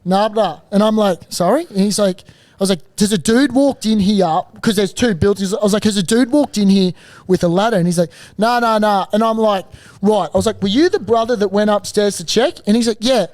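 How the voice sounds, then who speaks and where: A man co-hosting a podcast, telling a long story in a lively, laughing, sweary way. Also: sits high, brisk. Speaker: podcast co-host. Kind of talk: casual storytelling chat.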